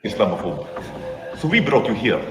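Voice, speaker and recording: A man's voice: lowish voice, sing-song, normal speed, noisy background. A man putting on a lisping mock-Russian interviewer. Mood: mock-serious. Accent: put-on Russian. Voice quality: lisp. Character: male interviewer with a mock Russian accent and lisp. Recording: roomy hall with music behind.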